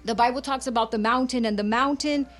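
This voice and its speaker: Fervent woman preacher, high voice. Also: fairly even intonation, a little fast, faint music behind. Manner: fervent, switches between English and Spanish. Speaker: radio preacher. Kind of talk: bilingual sermon.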